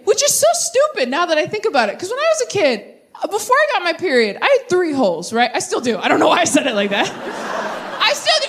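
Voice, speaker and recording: A young woman doing stand-up comedy on stage, chatting with the crowd and veering into quick asides. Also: very high voice, a little hiss or hum. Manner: animated, tangent-prone, quick asides to the crowd.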